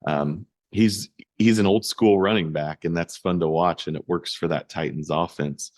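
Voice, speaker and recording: A man co-hosting a casual sports podcast, talking in a halting way with many fillers and restarts. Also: low voice, fairly even intonation, no echo, studio quality. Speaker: podcast co-host.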